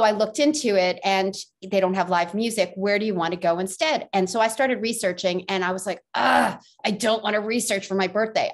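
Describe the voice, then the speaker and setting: A middle-aged woman hosting an interview as a love coach, affirming her guest and laughing easily. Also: medium pitch. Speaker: podcast host, love coach. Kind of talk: casual interview chat.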